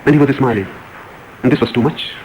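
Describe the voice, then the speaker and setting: A man's voice: medium pitch, fast, muffled recording, slight background noise. A man giving a spiritual discourse as a teacher, telling a story and answering questions with repeated, emphatic phrases.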